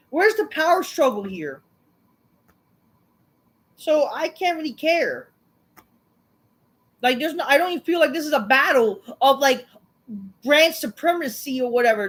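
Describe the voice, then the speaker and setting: Sarcastic woman host, bit high-voiced, curse-heavy rant, dismissive. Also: low-quality recording. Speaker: wrestling show reviewer, channel host. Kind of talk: profane ranting recap.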